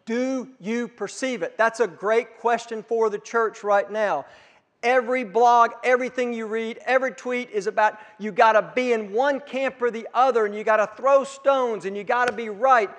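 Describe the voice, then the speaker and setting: A man preaching a sermon, piling up emphatic repeated phrases that build to forceful peaks. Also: very high voice, steady tone, moderate pace. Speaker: pastor. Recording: long reverb of a large room.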